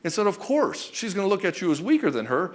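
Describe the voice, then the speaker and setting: A man's voice: high voice, very animated, fast talker. Blunt, emphatic man coaching with swearing. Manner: blunt and emphatic, swearing often, addresses listener as brother and dude. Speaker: relationship coach. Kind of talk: direct-to-camera coaching monologue.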